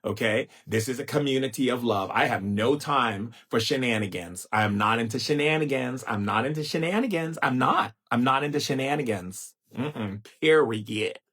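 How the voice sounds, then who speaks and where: His medium-pitched voice is expressive, fairly quick and bright, husky, with few pauses. The speaker, a middle-aged spiritual teacher, hosts a live stream and rambles casually in a sassy, playful tone. He teases his listeners affectionately and mimics droning, stiff speakers.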